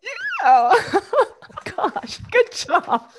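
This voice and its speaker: A woman's voice: very high voice, huge pitch swings, very slow, a little hiss or hum. A middle-aged woman, leading an online storytelling workshop over a video call, encouraging and laughing often.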